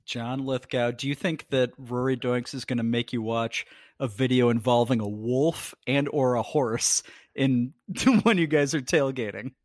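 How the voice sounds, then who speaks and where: A man's voice: mid-range voice, a little slow, no echo. Guy cohosting a podcast, mid voice, stumbly and crude, super dry mic. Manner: hesitant restarts, crude teasing. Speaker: podcast co-host. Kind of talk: casual podcast banter.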